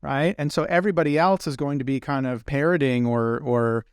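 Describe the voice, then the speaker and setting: A man's voice: mid-range voice, steady tone, fairly quick, smooth, dry recording. Casual male podcast host, dry sound. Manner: casual, thinking aloud with fillers. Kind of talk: podcast interview.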